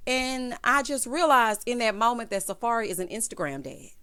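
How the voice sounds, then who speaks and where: A woman giving a sassy, animated recap of a reality TV episode, full of slang and asides to her viewers. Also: a little high, moderate pace, clear, resonant tone. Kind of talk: casual recap commentary.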